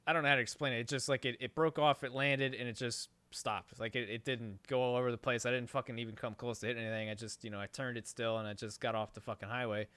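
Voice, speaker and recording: A man's voice: medium pitch, fast talker, few pauses, clear, resonant tone, no echo. Swearing, rambling male podcast host. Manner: profane, rambling, animated storytelling. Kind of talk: casual storytelling chat.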